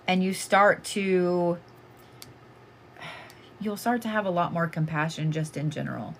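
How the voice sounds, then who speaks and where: A woman's voice: lowish voice, slight background noise. A woman giving casual live oracle card readings, blunt and chatty, swearing freely as she talks to callers.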